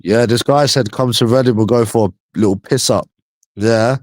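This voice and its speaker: A man's voice: mid-range voice, moderate pace, no room sound. Rambling, slangy East London man. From East London, England. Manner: slangy, repeats himself, loose rambling talk. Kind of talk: casual chat.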